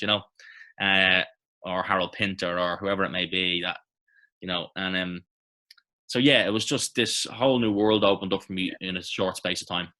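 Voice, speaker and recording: An Irish man in his thirties, an actor reminiscing in a relaxed, rambling interview with many fillers and restarts. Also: sits low, fairly quick. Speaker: actor guest. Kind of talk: casual interview chat.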